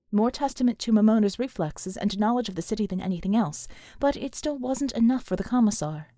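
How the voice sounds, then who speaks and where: A woman narrates an action novel in a steady, even audiobook delivery. Her mid-pitched voice is recorded close and dry. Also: no room sound. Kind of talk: scripted narration.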